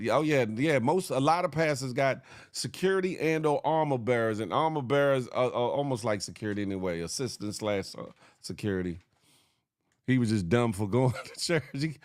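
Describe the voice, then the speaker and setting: A man hosting a casual morning commentary show, joking and laughing while he riffs on the news and shouts out viewers by name. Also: a little high, clear, resonant tone, no echo, clean studio sound. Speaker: host.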